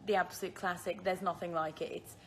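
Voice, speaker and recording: The speaker is a young British woman in her twenties, from the Isle of Man, fielding viewer questions in a relaxed phone livestream and frequently laughing at herself. Her voice sits fairly low, with fairly even intonation and a fairly quick pace, over a faint hiss or hum.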